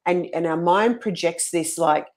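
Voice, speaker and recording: A woman with a somewhat low voice talks earnestly as a coach for mothers, carrying a story along in a relaxed conversational way. Her voice sounds a touch husky today, and she often circles back to restart a thought. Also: a little slow. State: slightly husky voice this morning.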